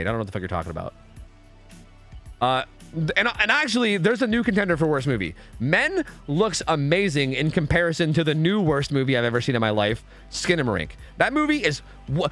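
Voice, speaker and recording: A young man streaming a game live, chatting with his viewers in a profane, excitable, rambling way. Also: mid-range voice. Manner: rambling with frequent restarts and fillers. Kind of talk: casual live-stream chat while gaming.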